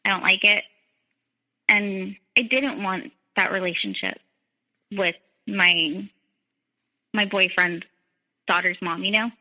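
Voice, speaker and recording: A woman's voice: mid-range voice, takes it slowly, pauses often, bright, forceful tone, in a large hall. A young woman telling her own story as a podcast guest, quoting others in dialogue and saying "like" often. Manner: frequent "like", quotes others in dialogue. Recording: dull lo-fi sound.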